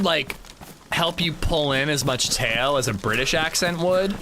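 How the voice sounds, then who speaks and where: Joking American streamer over game noise. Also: male voice, on the high side, a little slow, pushed and bright. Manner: joking, chatty, reading and answering chat. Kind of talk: casual gaming livestream chat.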